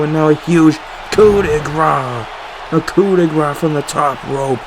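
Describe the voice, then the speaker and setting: A man doing excitable, casual play-by-play commentary on a wrestling match. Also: fairly high pitch, measured pace, background noise. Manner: excitable, emphatic, casual swearing.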